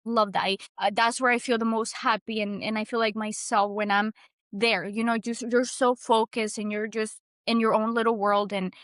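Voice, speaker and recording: A woman's voice: on the high side, normal speed, dry recording, studio quality. A young woman from Mexico, a guest telling her story in earnest, casual talk, full of restarts. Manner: earnest, animated, with frequent restarts and "like".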